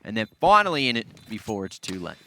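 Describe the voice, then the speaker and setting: Excitable male esports play-by-play caster. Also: fairly low pitch, fast. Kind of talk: esports commentary. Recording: noisy broadcast mix.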